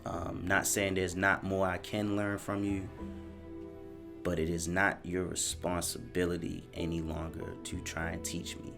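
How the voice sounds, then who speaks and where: A man with a deep, gravelly voice speaks slowly and thoughtfully, pausing often as he composes a letter to his father. Music plays clearly underneath. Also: monotone. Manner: halting and thoughtful, with frequent pauses and fillers. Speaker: interviewee.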